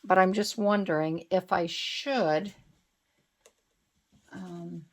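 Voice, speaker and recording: A woman's voice: lowish voice, steady tone, takes it slowly. A woman talking through her art journal crafting in a casual, thinking-aloud way, musing and changing her mind as she goes. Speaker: craft channel host. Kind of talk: casual craft tutorial narration.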